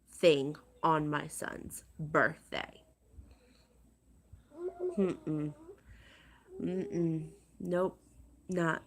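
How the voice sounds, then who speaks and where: A woman vlogging to her viewers, upset and agitated, talking in a halting, exasperated way and repeating herself. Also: low voice. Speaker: crafting vlogger. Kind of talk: casual vlog rant to viewers.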